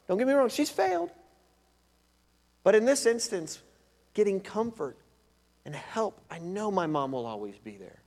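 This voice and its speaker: A man preaching a sermon as pastor, emphatic and conversational, often repeating his points. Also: sits high. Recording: long reverb of a large hall.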